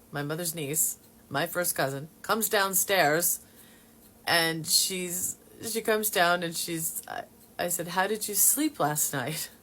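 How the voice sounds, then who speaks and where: A woman sharing her personal Christian testimony in a halting way, with many fillers and restarts. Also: on the low side, fairly bright tone.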